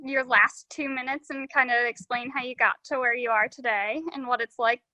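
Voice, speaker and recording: A woman's voice: on the high side, steady tone, normal speed, bright, forceful tone, no room sound, low-quality recording. A woman hosting an online event, introducing speakers and handing them the floor with brief, friendly prompts. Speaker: event host.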